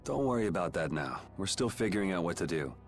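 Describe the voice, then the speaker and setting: A man's voice: low voice, very animated, quick pace, soft background music. A cool, dry young swordsman. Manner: dry, dismissive, curt. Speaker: game character. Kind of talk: video game voice acting.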